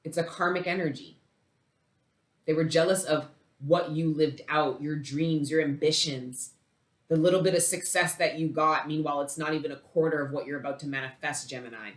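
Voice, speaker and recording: A woman giving a casual tarot reading, emphatic and swearing freely, with big swings between loud outbursts and low murmurs. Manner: emphatic, heavy swearing, dramatic swings in loudness. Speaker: tarot reader. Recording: roomy echo.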